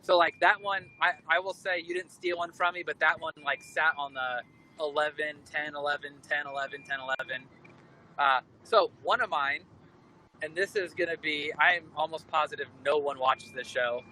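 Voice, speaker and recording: A man in his thirties calls in by phone from a moving car, his voice somewhat high and bright. He rambles in an animated, joking way over faint road noise. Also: moderate pace, rough recording. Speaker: guest. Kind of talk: casual chat.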